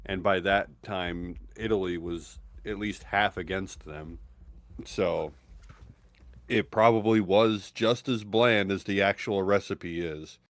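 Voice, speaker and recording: Male podcaster, very low voice, dry sound, deadpan dark humor. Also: takes it slowly, dry recording. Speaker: podcast co-host. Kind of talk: casual podcast banter.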